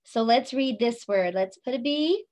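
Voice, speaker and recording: Slow, patient woman teaching phonics. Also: a little high, lively intonation, a little mellow. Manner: patient, sounds out letters slowly and repeats them; encouraging, playful sing-song prompts. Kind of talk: phonics lesson for young children.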